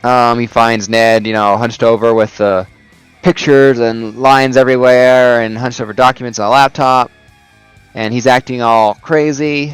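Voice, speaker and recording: Rambling man reviewing comics, smooth dry voice. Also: mid-range voice, fairly even intonation, unhurried, no room sound, faint music behind, rough recording. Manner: rambling recap full of "you know" and "uh". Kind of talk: casual video review.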